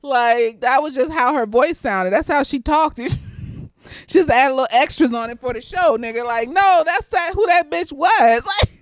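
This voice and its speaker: A young woman with a high voice gives a loose, slightly tipsy movie review, rambling and swearing as she goes. She laughs often and keeps drifting off on tangents. The sound is close and dry, with no room echo. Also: lively intonation, normal speed. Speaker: therapist reviewing films.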